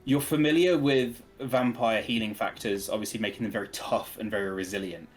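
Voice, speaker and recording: A man's voice: on the low side, fairly even intonation, a little fast, soft background music. Hesitant man running a tabletop game. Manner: hesitant, many ums and uhs. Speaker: game master.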